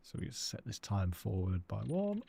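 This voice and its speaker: A man's voice: lowish voice, very animated, a little slow, creaky, dark tone, breathy edge. A British man live-streaming a hunting game, chatting casually with his viewers and greeting them by name.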